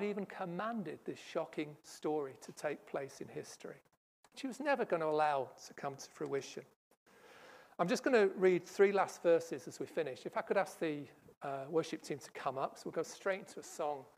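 A preacher delivering a sermon, stressing points loudly and then dropping to hushed asides. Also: medium pitch. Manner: emphatic, swings from loud stresses to hushed asides. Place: church service.

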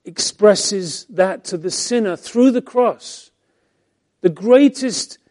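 A male pastor teaching from the Bible in a high-pitched but mellow voice. He preaches expressively, pressing some lines hard and letting others fall almost to a hush. The tone stays soft at the edges, never sharp. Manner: expressive preaching, swinging between emphatic and hushed.

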